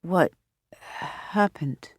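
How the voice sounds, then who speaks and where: A woman's voice: very slow, no room sound, studio quality. A woman voicing a dazed, confused young man who stammers and speaks hesitantly.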